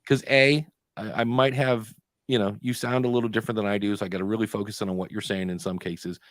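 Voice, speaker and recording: A man co-hosting a podcast live stream, telling stories in a chatty way and often pausing to hunt for the next word. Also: lowish voice, fairly even intonation, no echo, clean studio sound. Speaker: podcast co-host. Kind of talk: casual chat on a live stream.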